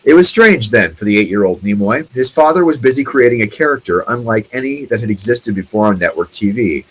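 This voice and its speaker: A man's voice: fairly low pitch, animated, fairly quick, breathy edge, rough recording. A man in his forties hosting a casual solo talk show, rambling and chatty with lots of fillers. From United States. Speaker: host.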